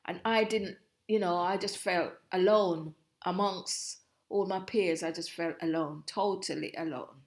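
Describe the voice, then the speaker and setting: A middle-aged woman shares her memories in an interview. She talks in a reflective, halting way, often cutting off a word and starting the phrase again. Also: on the low side, steady tone. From Jamaica. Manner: reflective, halting, breaks off and restarts mid-phrase. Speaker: guest, host's mother. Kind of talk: personal storytelling.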